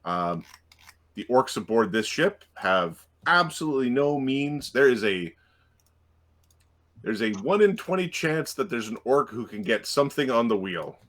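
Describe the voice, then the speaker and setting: A man's voice: mid-range voice, sing-song, unhurried, fairly bright tone. A man running a tabletop game as game master, hesitant, with many fillers and restarts and easy laughter.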